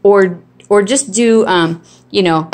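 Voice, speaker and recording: A woman's voice: medium pitch, slow pace, darkish tone, slight background noise. A woman filming on a handheld phone in her home kitchen, casually showing dog training with a chatty, rambling delivery full of restarts and ums. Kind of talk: casual home video demonstration. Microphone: phone held in hand.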